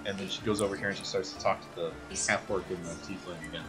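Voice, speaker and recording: A man with a fairly low voice narrating a tabletop game as game master. He talks casually, padding with fillers, and clear music plays under his voice. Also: fairly even intonation, very fast, pushed and bright. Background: background music.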